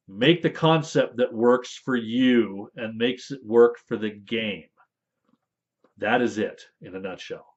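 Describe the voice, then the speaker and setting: A man explains tabletop game rules in loose, rambling casual talk with playful asides. His pitch rises and falls a lot. The recording sounds dull and lo-fi. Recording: dull lo-fi audio.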